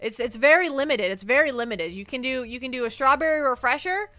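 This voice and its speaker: A woman streamer chatting live with her viewers in a bright, high voice. She plays up mock hurt feelings and teases her chat, stumbling over and repeating words as she goes. The sound is close and dry. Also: animated, quick pace, dry recording. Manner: playful, mock-hurt, often repeats words while thinking. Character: speaks as a sensitive penguin streamer persona. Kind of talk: casual livestream chat.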